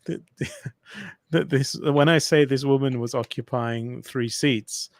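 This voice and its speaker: A man's voice: medium pitch, fairly even intonation, a little slow, no echo, studio quality. A man chatting casually, often restarting his sentences and laughing along with the story. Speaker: podcast co-host. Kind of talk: casual chat.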